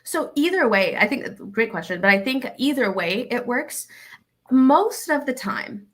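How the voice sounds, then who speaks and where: A woman's voice: fairly high pitch, a little slow. A young adult woman from Arkansas, a comedian guest in an interview, animatedly acting out both sides of the conversations she describes. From Arkansas, USA. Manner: animated, acts out both sides of quoted dialogue.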